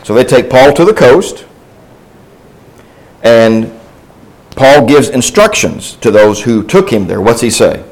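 A man's voice: medium pitch, lively intonation, takes it slowly, long pauses, low-quality recording. A man teaching a Bible class in a conversational way. He asks the class questions and answers them himself, with restarts and asides along the way.

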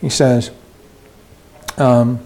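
A man's voice: medium pitch, little pitch movement, extremely slow, mellow, poor audio. Man teaching a Bible study, chatty. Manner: conversational, with frequent fillers and restarts.

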